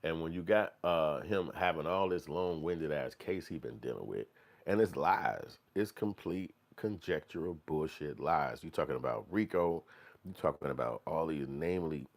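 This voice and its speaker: A man hosting a casual commentary stream, talking profanely and acting out other voices in a high falsetto. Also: normal speed. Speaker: channel host commentating on news.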